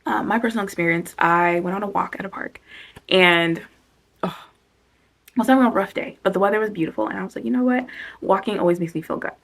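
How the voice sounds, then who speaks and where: In a self-help video, a fast-talking woman with a gravelly, mid-range voice leads a reflection casually. She's chatty and keeps interrupting herself, occasionally softening to a near-whisper.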